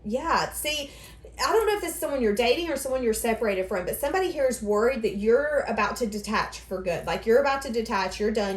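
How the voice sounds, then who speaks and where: A woman's voice: a little high, expressive, fast talker. A woman giving a casual tarot reading, rambling and thinking aloud as she goes. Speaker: tarot reader. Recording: echoey room.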